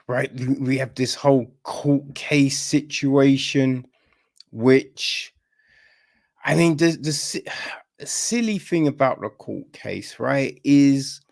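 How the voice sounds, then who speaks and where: A man's voice: medium pitch, creaky. A man hosting a film review podcast, talking casually in an exasperated, rambling way with lots of fillers and restarts.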